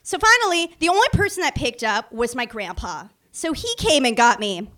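A young woman tells a story from her own life straight to the camera, with a high, bright voice. She mocks herself and slips into the voices of the other people in the story. Her delivery stays lively and animated throughout. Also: normal speed. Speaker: vlogger. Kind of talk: storytime anecdote.

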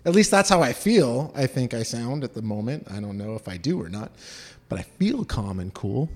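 A man's voice: mid-range voice, normal speed. A man from Southern California telling a personal story, acting out the voices of the people in it. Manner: animated, acts out quoted voices.

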